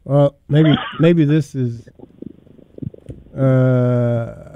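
A man's voice: mid-range voice, steady tone, extremely slow, muffled recording, a little hiss or hum. A man hosting a casual podcast, hesitant and full of questions. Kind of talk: casual chat.

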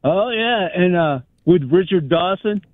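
Teasing high-voiced male caller. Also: expressive, unhurried, dry recording. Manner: teasing, jokey. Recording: tinny phone line.

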